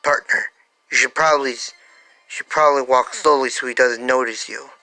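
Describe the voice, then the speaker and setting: A storyteller voicing a gruff, protective male alien symbiote in a fan story, with a blunt and slightly lower voice. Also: steady tone, moderate pace, bright, forceful tone, soft background music.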